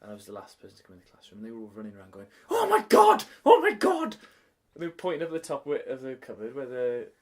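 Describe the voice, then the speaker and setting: A man's voice: medium pitch, rapid-fire, few pauses, dark tone. A man, a teacher and podcast co-host, telling a funny story in casual chat and laughing often as he acts out voices.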